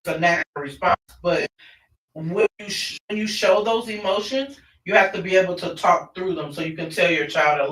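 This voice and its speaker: A man's voice: high-pitched, normal speed, a bit bright. A man presenting an online parenting class in a conversational way, often restarting his sentences. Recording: roomy, distant mic.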